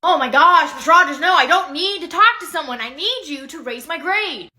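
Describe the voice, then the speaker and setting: A woman playing a manipulative teen student, whiny, insistent, high voice. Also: lively intonation, fairly quick, bright, forceful tone.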